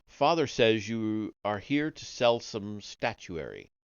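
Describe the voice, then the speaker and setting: A man's voice: lowish voice, sing-song, slow pace, clear, resonant tone, dry recording, dull audio, heavily acted. A man reading as a snooty alien art collector. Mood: haughty. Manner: sniffy, condescending, clipped. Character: haughty, aloof male alien art collector.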